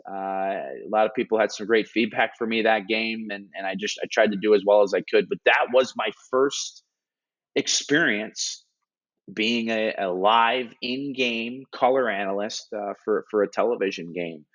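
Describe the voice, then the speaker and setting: Male sports analyst, lowish voice, earnest animated storyteller, dull lo-fi sound. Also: normal speed. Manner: earnest, animated retelling with many restarts and filler words. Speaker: hockey broadcast analyst. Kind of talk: interview storytelling. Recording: dull lo-fi audio.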